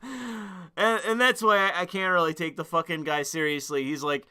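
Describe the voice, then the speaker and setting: A crude, rambling young man commenting on a live stream, prone to sudden excited outbursts. His voice sits high for a man and sounds very bright and smooth. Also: moderate pace.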